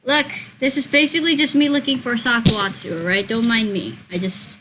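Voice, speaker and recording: A woman hosting her channel, chatting casually and excitedly as she plays and reads, gushing, swearing and squealing now and then. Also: on the high side, normal speed, few pauses, slight background noise, poor audio. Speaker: channel host. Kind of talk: casual commentary while gaming and reading.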